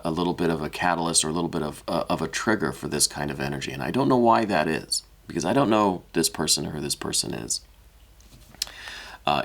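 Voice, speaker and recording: A man giving a weekly tarot reading, speaking gently and hesitantly, with many restarts, and openly emotional and apologetic. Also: low voice. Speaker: tarot reader.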